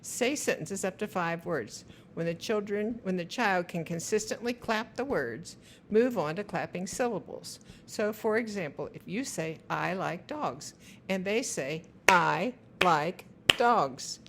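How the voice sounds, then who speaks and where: A woman giving instructional narration for parents. She talks in a slow, careful way and spells out the sounds of words. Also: mid-range voice, animated, slight background noise. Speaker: teacher.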